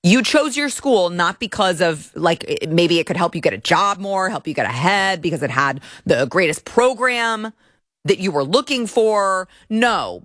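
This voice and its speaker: A woman's voice: mid-range voice, a bit bright, dry recording, clean studio sound. A woman from Texas hosting a commentary stream, ranting indignantly and stumbling over restarts as she talks. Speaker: political commentary host. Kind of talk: opinion livestream commentary.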